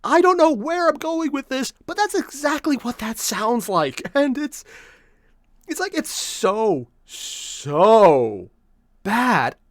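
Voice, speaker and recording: A man's voice: very high voice, very animated, slow, dry recording, studio quality. A man hosting a casual reaction video, rambling and repeating himself as he talks through his thoughts.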